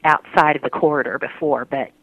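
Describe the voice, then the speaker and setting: A woman interviewee talking earnestly about her faith, halting and restarting often. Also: low voice, steady tone, no room sound. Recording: tinny phone-line sound, dry.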